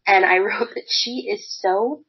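A woman's voice: medium pitch, measured pace, breathy edge, muffled recording. A woman co-hosting a podcast, recapping a book in casual chat with blunt, profane, exasperated rants. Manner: blunt, swears freely, exasperated ranting. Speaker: podcast co-host.

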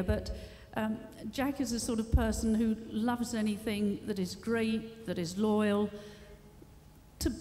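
A woman's voice: medium pitch, a little mellow. A woman giving a humorous anecdotal speech at a live tribute evening, dry and teasing, playfully mimicking others. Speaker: guest speaker at a tribute evening. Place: large civic hall, live event. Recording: long hall reverb, faint background noise.

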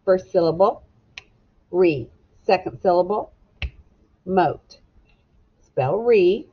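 Slow, clear woman teaching phonics. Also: on the low side, lively intonation, muffled recording. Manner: slow, clear and encouraging, sounding out letters. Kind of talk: recorded phonics lesson for children.

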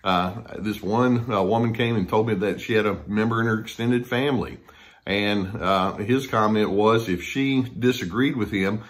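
Speaking conversationally to the camera, a male counselor talks about difficult people and acts out the people he quotes. His voice sits fairly low and moves at a normal speed.

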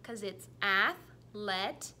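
A woman teacher leading a phonics lesson for children, saying each word clearly and repeating it for the class to echo. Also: mid-range voice, expressive, bright, forceful tone. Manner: slow, clearly enunciated, repeats words for kids to echo.

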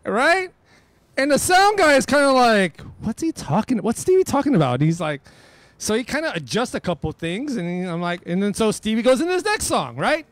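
A middle-aged man, a radio DJ, telling a story in casual chat, animated and profane, acting out the people he quotes. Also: very high-pitched, normal speed, dry recording. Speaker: radio DJ guest.

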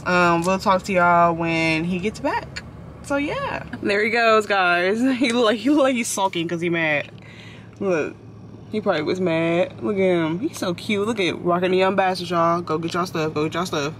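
A man's voice: high voice, lively intonation, normal speed, a bit bright, slight background noise. A man vlogging from inside a parked car, rambling and apologizing as he chats. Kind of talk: casual chat.

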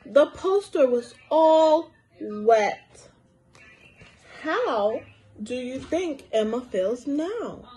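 A young woman teacher reading a storybook aloud to small children, slow and encouraging, asking them questions as she goes. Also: sits high, lively intonation, warm tone, rough recording. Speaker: preschool teacher.

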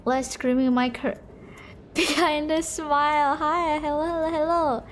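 Young woman streamer, high voice, playful and loud, bit of hiss behind her. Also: fairly even intonation, measured pace. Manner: playful, teasing, bursts into shrieks and shouts. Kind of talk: live gameplay commentary.

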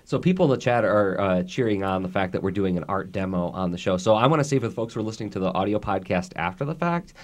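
Male podcast host, lowish pitch; animated and chatty, restarts a lot. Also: fast, hardly any pauses. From United States. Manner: animated, laughs easily, talks in restarts. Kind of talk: casual chat.

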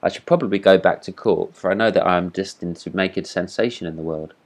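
A boastful, self-important firework rocket looks down on everyone around him, as a man reading a storybook puts him on. The voice sits very low and speaks with haughty disdain. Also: quick pace. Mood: disdainful. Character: vain pompous boastful male firework rocket.

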